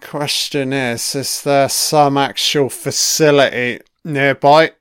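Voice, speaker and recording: Guy doing a laid-back tv commentary, swears a lot, slow smooth voice, dry close sound. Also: mid-range voice, steady tone, fairly bright tone, no echo. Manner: swears freely, chatty, laughs often. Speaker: TV episode commentator. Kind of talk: casual audio commentary.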